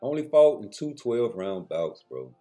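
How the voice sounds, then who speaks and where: A man's voice: mid-range voice, big pitch swings, a little slow, mellow, soft background music. A man giving a blunt, slangy boxing commentary rant straight to his viewers, with profanity.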